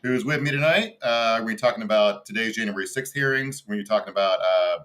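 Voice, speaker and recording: A man hosting a casual comedy podcast from a hotel room, laid-back and hesitant, filling pauses with uhs. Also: on the low side, fairly bright tone. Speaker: fill-in podcast host.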